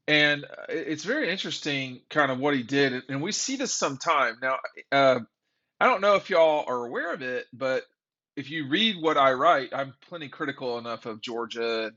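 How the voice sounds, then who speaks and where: A man's voice: medium pitch, sharp tone. A man hosting a sports commentary show, talking in a rambling, opinionated, exasperated way. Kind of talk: casual opinion monologue. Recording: dull lo-fi audio.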